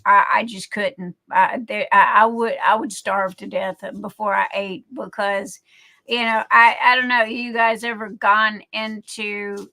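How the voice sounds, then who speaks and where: A woman's voice: a little high, creaky, bright, forceful tone. A middle-aged woman hosting a livestream, chatting in a rambling way full of fillers and restarts. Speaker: livestream host. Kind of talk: casual chat.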